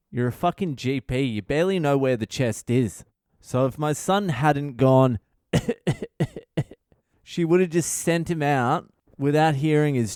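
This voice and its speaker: A man's voice: mid-range voice, clean tone, no room sound, clean studio sound. A middle-aged man, a comedian hosting his podcast, telling a story with lots of swearing and acting out the people in it. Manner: animated, swears constantly, acts out quotes. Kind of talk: casual profane storytelling.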